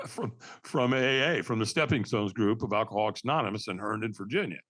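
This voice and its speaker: An older man, a podcast guest, telling a personal story in a candid, earnest way and acting out old conversations with lively energy. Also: lowish voice, brisk. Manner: animated, acts out remembered dialogue.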